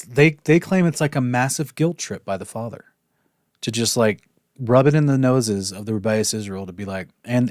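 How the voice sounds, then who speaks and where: Male Bible teacher, low voice, dry close sound, loose conversational delivery with frequent restarts. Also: a little mellow, dry recording. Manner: conversational, thinks aloud with restarts and apologies. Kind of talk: casual Bible study lesson.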